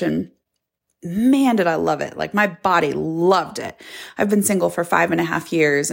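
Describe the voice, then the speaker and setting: A woman's voice: on the low side, gravelly. A middle-aged woman hosting a podcast, telling her own dating story in a candid, confessional way. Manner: candid, confessional, yawning at times. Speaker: podcast host. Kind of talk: personal storytelling monologue.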